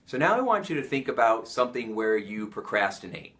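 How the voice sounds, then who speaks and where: Energetic American man coaching. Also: on the low side, fairly quick. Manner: energetic, coaching, asks many questions. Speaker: motivational coach. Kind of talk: motivational talk to camera.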